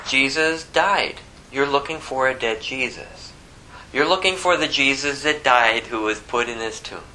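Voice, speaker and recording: A male pastor preaching with a very bright, sharp tone. He teaches verse by verse, rising to loud, emphatic peaks and dropping to quiet, low asides. A faint hiss sits under the recording. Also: unhurried, rough recording. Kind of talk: sermon.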